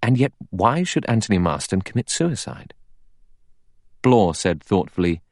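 A man narrating an audiobook in a measured, steady reading. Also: fairly low pitch, no room sound, clean studio sound. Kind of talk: scripted narration.

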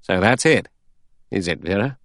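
A man's voice: low voice, animated, normal speed, fairly bright tone, no room sound, studio quality. A man voicing a cynical, menacing adventurer who speaks in a sneering, clipped way.

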